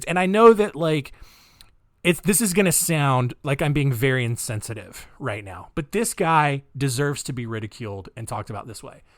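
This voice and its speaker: A man's voice: on the high side, a bit bright, dry recording, studio quality. A man hosting a casual true crime podcast at home, joking and rambling with many fillers. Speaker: podcast host. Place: home recording space.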